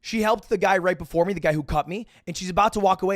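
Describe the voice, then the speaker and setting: A higher-pitched man spins a rambling, self-mocking story for his stream. He swears freely and trips over restarts, and the sound is dry and close. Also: fairly even intonation, very fast, few pauses, no echo. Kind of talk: casual storytelling to stream chat.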